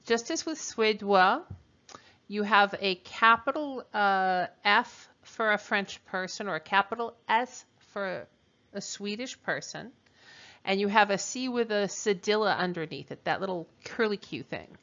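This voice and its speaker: A woman teacher walks students through a recorded translation drill, speaking slowly and deliberately. Her voice is bright and clear. The recording has a dull, lo-fi sound. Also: mid-range voice, expressive. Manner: slow, deliberate dictation with pauses. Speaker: French teacher.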